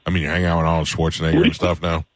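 A man's voice: rumbling low, monotone, racing, no echo. A man hosting a radio show, joking and chatting with a guest in a chummy way. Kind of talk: casual radio banter. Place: radio studio.

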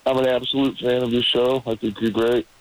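A man's voice: medium pitch, little pitch movement, a little fast, slight background noise, rough recording. A man calling in to a radio show, polite and enthusiastic, often repeating himself. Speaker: caller. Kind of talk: phone-in call.

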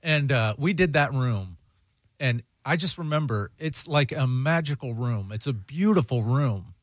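A man's voice: mid-range voice, expressive, unhurried, no room sound. A man, a guest comedian, chatting casually and telling road stories in a laid-back way. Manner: laid-back storyteller, says "dude" and "bro". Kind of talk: casual chat.

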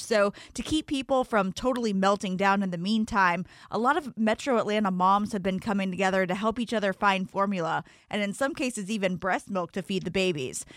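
A woman's voice: medium pitch, no room sound, studio quality. A woman co-hosting morning radio, delivering a news item in a conversational way. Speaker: radio co-host reading news. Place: radio studio.

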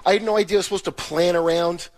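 A man's voice: high voice, fairly even intonation, racing. A comedian defending his version of a story on a radio talk show, lecturing and defensive. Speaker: comedian guest. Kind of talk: heated argument on a radio show.

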